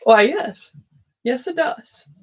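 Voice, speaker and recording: A woman doing a casual live-streamed tarot reading, playful and quick to laugh between cards. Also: sits high, animated, husky, highs cut off. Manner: giggly, playful, often breaks into laughter.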